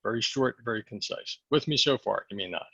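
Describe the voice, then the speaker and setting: A man coaching salespeople in a training session, hoarse and losing his voice, often checking the group follows him. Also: mid-range voice, a little fast, bright, forceful tone, no echo, dull audio. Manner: coaching, asks the group questions. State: losing his voice, clearing throat.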